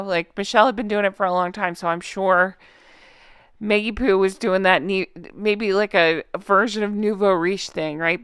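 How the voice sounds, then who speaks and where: A woman's voice: mid-range voice, fairly bright tone, smooth, no room sound, studio quality. A woman vlogger giving casual, sarcastic reaction commentary on a book, blunt and swearing, with laughing asides.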